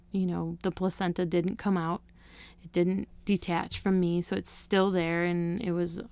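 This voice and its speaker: A woman's voice: on the low side, vocal fry, darkish tone, smooth, no echo. A woman, as an interview guest, candidly recounts a personal story in an earnest, emotional way, often leaning on "you know" and "like.".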